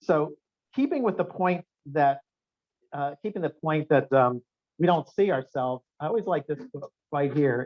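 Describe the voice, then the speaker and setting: A man giving a seminar talk in a restaurant function room, telling anecdotes in a lively way and quizzing the audience with questions. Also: on the high side, normal speed. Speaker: guest speaker. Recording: dull lo-fi room recording.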